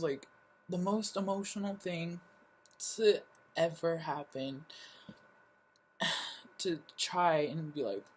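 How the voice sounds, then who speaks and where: Slow, halting young vlogger. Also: mid-range voice, steady tone, slight background noise, poor audio. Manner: halting, sighing, lots of fillers. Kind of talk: personal confessional vlog.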